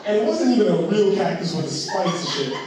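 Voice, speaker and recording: A man's voice: high-pitched, expressive, fast, crowd noise. A man doing a stand-up comedy set on a live stage, telling a story loosely and with plenty of swearing, acting out his own reactions as he goes. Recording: distant, echoey live stage audio.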